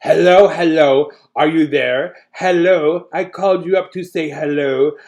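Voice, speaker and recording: A man playing a caller who shouts hellos into a phone that does not work. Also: a little high, steady tone, unhurried, highs cut off. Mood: calling loudly. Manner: loud, calling out repeatedly.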